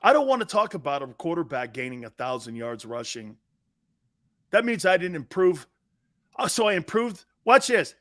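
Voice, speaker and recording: A middle-aged man hosting a live sports talk show, brash and blunt, swearing freely and jumping between loud bursts and low asides. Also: sing-song, moderate pace.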